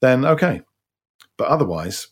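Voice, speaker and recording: A man's voice: medium pitch, very animated, normal speed, slightly rough. A man hosting an interview, matey in tone, asking rambling questions full of restarts. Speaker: interviewer host. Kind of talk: casual interview chat.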